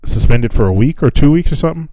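A man's voice: medium pitch, lively intonation, quick pace, background noise. A man co-hosting a podcast in loose, casual chat, swearing freely and laughing often. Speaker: podcast co-host.

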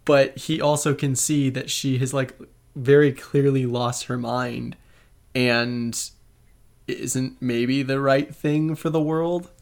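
A man's voice: medium pitch, fairly even intonation, takes it slowly. Laid-back, cursing podcast guy. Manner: loose, cursing, reflective. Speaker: podcast co-host. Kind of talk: casual chat.

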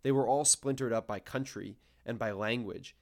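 A man's voice: medium pitch, normal speed, gravelly. Wry young man explaining research. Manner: explanatory, wry and self-deprecating. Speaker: podcast co-host, planetary science grad student. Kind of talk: casual podcast explanation.

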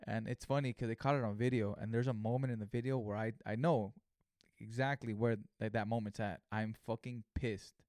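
A man's voice: on the low side, steady tone, a little fast, darkish tone, dry recording, studio quality. Slangy, rambling man in his thirties. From California. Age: 30s. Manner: slangy and profane, rambling with frequent "you know" and "right?" asides. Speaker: vlogger. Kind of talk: casual storytelling monologue.

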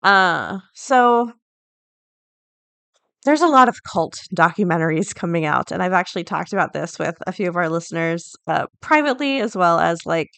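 A woman's voice: on the low side, lively intonation, moderate pace, creaky, a bit bright, dry recording. A woman hosting a podcast, reading news items and then thinking aloud in a chatty way, with many fillers and restarts. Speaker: podcast host. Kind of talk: casual podcast commentary.

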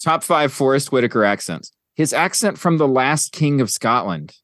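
A man hosting a podcast in a casual chat, his pitch swinging widely as he rambles through a countdown. He leans on fillers and eager asides. The sound is close and dry, with no room around it. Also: animated, normal speed, fairly bright tone, no echo. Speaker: podcast host.

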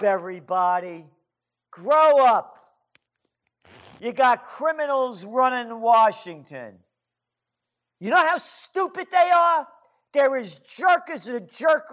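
A man's voice: very high voice, fairly bright tone, muffled recording. A man delivering an angry, sarcastic political rant as a commentator. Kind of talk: ranting monologue.

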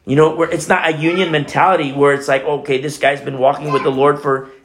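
A man's voice: on the high side, flat delivery, quick pace, a bit bright, slight background noise. A man preaching a Bible teaching sermon as a pastor, talking conversationally with frequent "you know" asides.

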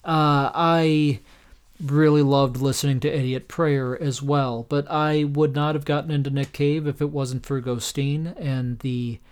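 A tired man rambles through a solo podcast, self-deprecating and full of "uh"s. His voice is smooth and clear and sits a touch high for a man. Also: fairly even intonation, a little slow. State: tired and a little tipsy. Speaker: podcast host. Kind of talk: casual solo podcast talk.

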